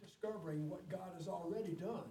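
A man's voice: high-pitched, brisk, mellow. A man in a study group, sharing a reflective, easygoing view. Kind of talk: group discussion. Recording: distant, echoey, chatter behind.

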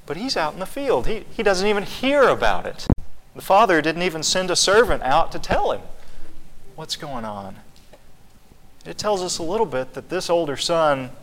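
A man's voice: a little high, sing-song, normal speed, a bit bright, big-room sound, slight background noise. A man leading a Bible study, teaching conversationally and asking the group questions.

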